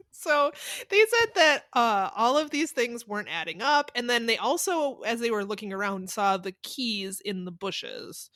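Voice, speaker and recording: A woman's voice: a little high, expressive, a little slow, fairly bright tone, no room sound. Female podcast co-host, casual recap voice, laughs easily, dry booth sound. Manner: laughs often, hedging asides. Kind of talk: casual chat recapping a mystery.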